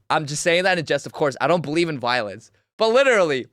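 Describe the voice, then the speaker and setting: A young man hosting a livestream, reacting to a video with loud, mocking, excitable commentary. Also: high-pitched, normal speed, hardly any pauses, no echo, studio quality. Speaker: streamer host.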